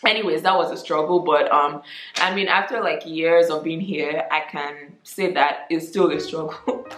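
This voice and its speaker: A Nigerian woman in her twenties chatting casually to camera as a vlogger, with lots of ums and animated asides. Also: sits low, normal speed, echoey room. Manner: chatty, frequent ums, animated mock quotes.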